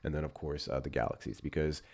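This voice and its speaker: Deep voice, american man, casual livestream host, cursing, animated. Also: fast talker, vocal fry, breathy edge. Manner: profane, animated, laughing asides.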